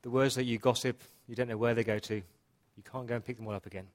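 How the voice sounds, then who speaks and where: Male pastor, earnest sermon delivery, mid pitch. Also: steady tone, fast talker. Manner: earnest, emphatic repetition. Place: church.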